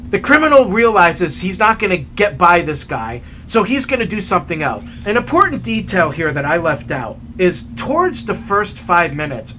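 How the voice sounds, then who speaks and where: A man telling a story in a chatty, animated way while hiking outdoors, recorded on a camera mic. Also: high voice, a little hiss or hum. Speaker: hiking vlogger. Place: outdoors on a trail.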